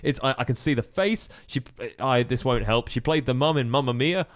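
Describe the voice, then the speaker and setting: A man speaking casually on a podcast, his mid-range voice full of fillers and restarts. He often gropes for a name or word before carrying on. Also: mid-range voice. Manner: halting, searching for words with many fillers. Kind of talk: casual chat.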